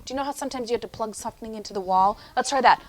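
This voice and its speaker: A young adult woman teaching a phonics lesson to young children in an animated, sing-song teacher voice. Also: a little high, slight background noise. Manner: animated, sing-song teacher voice, slows for chanted poem lines.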